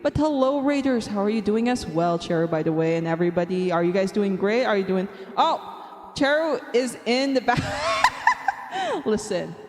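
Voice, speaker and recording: A woman's voice: medium pitch, big pitch swings, moderate pace, a little mellow. A young woman art streamer chatting casually and cheerfully with her viewers, counting aloud as she draws and giggling often. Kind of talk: casual live-stream chat. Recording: long reverb, faint background music.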